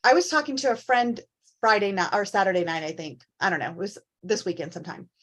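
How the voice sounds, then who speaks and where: A woman co-hosting a casual talk show, telling personal stories in an animated, candid way. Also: mid-range voice, fast talker. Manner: animated storyteller, acts out quoted voices. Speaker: co-host. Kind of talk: casual chat.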